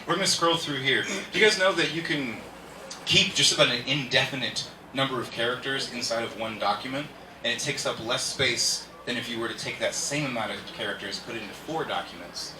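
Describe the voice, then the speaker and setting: Rambling stand-up comic in an echoey room. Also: male voice, medium pitch, fairly quick. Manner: rambling, laughs at his own jokes. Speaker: stand-up comedian. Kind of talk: stand-up comedy set. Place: indoor comedy show venue. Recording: echoey room, distant mic, faint hiss.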